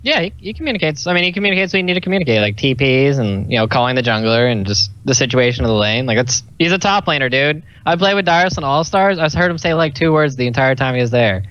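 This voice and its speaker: A man's voice: medium pitch, animated, quick pace, few pauses, fairly bright tone, clean tone. A man from the American South with a Southern drawl, a podcast guest talking in a laid-back, offhand way. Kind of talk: casual podcast chat. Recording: dull lo-fi voice line.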